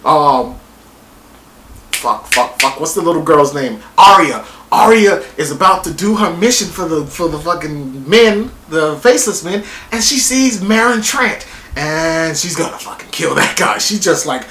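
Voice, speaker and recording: Excitable, rambling male reviewer with a lively, up-and-down delivery, recorded in an echoey room. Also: fairly high pitch, measured pace, slight background noise. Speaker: TV show reviewer. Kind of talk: casual spoken review.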